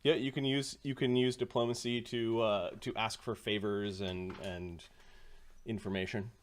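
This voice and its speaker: A man narrating as game master in a relaxed, hesitant way with many fillers. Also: lowish voice, normal speed, slight background noise.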